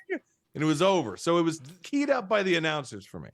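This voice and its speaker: A man's voice: fairly high pitch, wildly swooping pitch, a little fast, creaky, a bit bright, no room sound, studio quality. A man co-hosting a casual podcast, reacting with laughs and enthusiasm. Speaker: podcast co-host. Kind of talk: casual chat.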